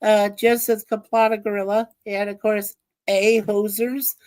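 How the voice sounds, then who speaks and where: A woman's voice: mid-range voice, flat delivery, moderate pace, a little mellow, clean tone, no echo. A woman co-hosting a casual livestream, laughing often and reading viewer comments aloud. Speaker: livestream co-host reading chat. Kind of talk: casual chat.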